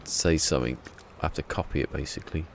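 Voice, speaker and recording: A man's voice: rumbling low, fairly even intonation, fast talker, noisy background. A man streaming a game from home, chatting casually and rambling in a self-deprecating way. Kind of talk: casual live-stream chat.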